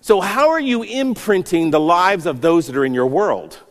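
Earnest pastor preaching in a reverberant hall. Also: male voice, high-pitched, animated, normal speed. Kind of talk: sermon.

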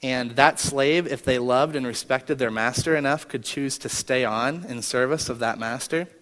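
A man leading worship and preaching, earnest, repeating key phrases and dropping from loud to hushed. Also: medium pitch, normal speed. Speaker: worship leader. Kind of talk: sermon. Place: large church sanctuary. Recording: long hall reverb, faint music.

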